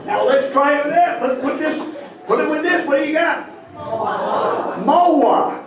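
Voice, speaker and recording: In an extremely high voice at a fairly quick clip, a man with a heavy Maine accent gives a stand-up comedy lesson on speaking like a local. He jokes and gets the audience calling back, heard through a distant mic in an echoey hall with the crowd audible.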